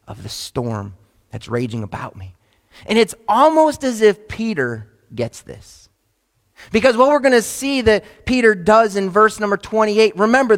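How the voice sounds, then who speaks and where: A male pastor preaching a sermon to a video audience, swinging between loud emphatic lines and hushed, soft asides. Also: sits high, big-room sound.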